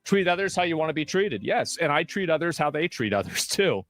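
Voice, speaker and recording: Man, streaming rant, blunt, profane, stammers, slightly high voice, dry sound. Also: very animated, fairly quick, fairly bright tone, dry recording.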